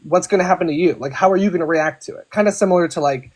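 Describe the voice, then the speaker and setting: Mid pitch voice on a video call, kinda unsure, says like a lot, restarts sentences. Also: rapid-fire. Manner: hesitant, many likes and restarts. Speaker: discussion participant. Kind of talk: casual literary discussion.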